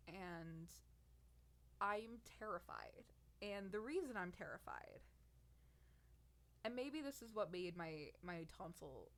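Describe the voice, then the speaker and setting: A nineteen-year-old woman telling a personal story on her podcast, venting in an exasperated, sarcastic way. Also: on the low side. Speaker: podcast host.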